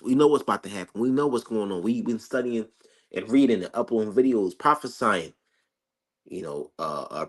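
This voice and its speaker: A man preaches in a loose, emphatic way about Bible prophecy. He stumbles over his words and restarts often, curses casually, and his voice sits at a middling pitch. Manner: emphatic, stammering restarts, swears freely. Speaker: street preacher. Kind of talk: informal Bible commentary.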